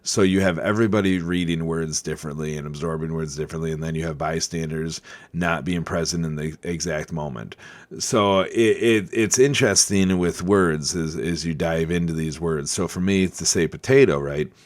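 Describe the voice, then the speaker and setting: A man hosting a casual chat, rambling with many restarts and fillers, and bursting out loudly when he acts out people's reactions. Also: extremely low pitch, fairly even intonation, normal speed. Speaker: podcast host.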